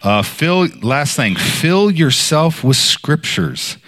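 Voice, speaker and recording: A man's voice: slow, faint music behind. A man preaching informally, telling a personal story in a casual, rambling way with many fillers, his voice jumping up when he quotes others. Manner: animated when quoting others, voice jumping high.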